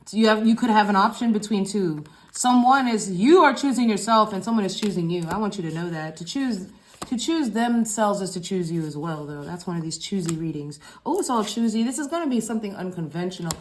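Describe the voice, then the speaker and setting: A woman's voice: mid-range voice, expressive, a little fast. A woman giving a casual collective tarot reading, talking in a loose, rambling, slangy way with frequent swearing and repeated phrases. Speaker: tarot reader.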